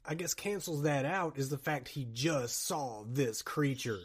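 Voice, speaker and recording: Man, podcast host, somewhat high voice, rambling and jokey, animated movie talk. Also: measured pace, husky. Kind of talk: casual movie chat.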